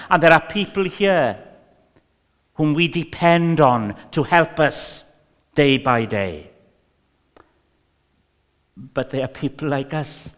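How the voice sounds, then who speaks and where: Slow-speaking Welsh preacher man. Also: a little high, fairly bright tone, big-room sound. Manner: slow, emphatic, with many fillers and repetitions. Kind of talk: sermon.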